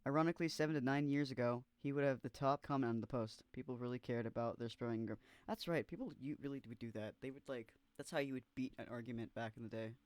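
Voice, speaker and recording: Young male vlogger, mid-pitched, dry close sound, casual reactions, swears and stumbles. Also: quick pace, hardly any pauses, a little mellow, no room sound. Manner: casual slangy, swears, stumbles while reading aloud.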